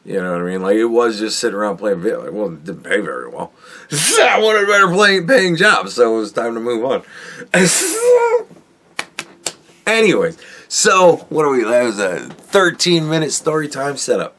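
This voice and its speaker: A man's voice: medium pitch, normal speed. A middle-aged man hosting a podcast, telling a long, rambling work story with lots of swearing and acted-out dialogue. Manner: profane, rambling and animated, acts out quoted dialogue. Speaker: podcast host. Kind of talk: casual storytelling.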